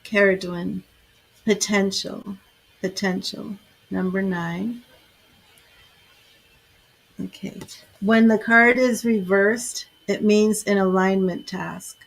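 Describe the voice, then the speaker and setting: A woman giving a live tarot reading, slowly invoking goddesses and reading card meanings aloud in a soothing way. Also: medium pitch, steady tone, vocal fry. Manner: slow, soothing, invoking spirits. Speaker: tarot reader.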